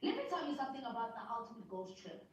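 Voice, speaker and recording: A woman hosting a live stream, giving sassy, teasing, animated commentary and often laughing. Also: on the high side, racing, far from the mic, dull audio, a little hiss or hum. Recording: echoey room, away from the mic.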